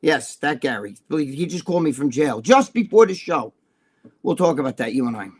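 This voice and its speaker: A man's voice: on the high side, animated, moderate pace, breathy edge. An older man with a New Jersey accent, co-hosting a casual live show, telling rambling, profane stories. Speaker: co-host. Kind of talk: casual livestream chat.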